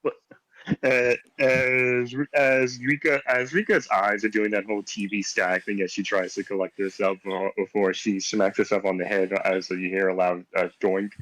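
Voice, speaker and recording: Male player in a tabletop game, halting delivery, low voice, dry with no room. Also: level tone, fairly bright tone, no room sound, low-quality recording. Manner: hesitant, many fillers and restarts. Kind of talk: tabletop game role-play.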